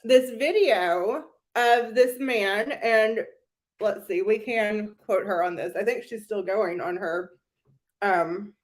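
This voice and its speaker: A woman's voice: mid-range voice, takes it slowly. A young woman hosting a casual commentary chat, gossipy and sarcastic, often breaking into giggles. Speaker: channel host.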